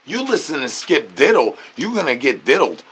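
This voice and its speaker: A man's voice: sing-song, moderate pace, fairly bright tone, breathy edge. Man chanting nonsense catchphrases on a livestream. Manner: nonsense rhymes and catchphrases, chanting refrains, sudden high-pitched outbursts. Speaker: live streamer. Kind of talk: rambling live-stream chat.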